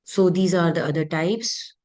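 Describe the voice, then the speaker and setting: A woman with a low, deep voice reviews a lesson, walking through terms one at a time. Her explanations are patient and methodical, dotted with pauses and fillers. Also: darkish tone. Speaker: Arabic rhetoric teacher.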